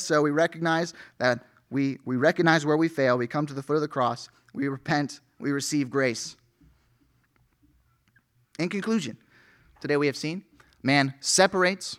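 A man's voice: on the high side, fairly bright tone. Man preaching an earnest sermon. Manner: earnest preaching, reads scripture aloud, rising emphasis. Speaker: pastor.

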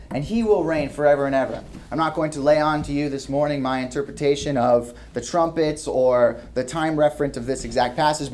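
A male pastor delivering a sermon, reading scripture aloud, rising into loud emphatic questions and dropping to soft asides. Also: mid-range voice. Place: church hall with a ceiling.

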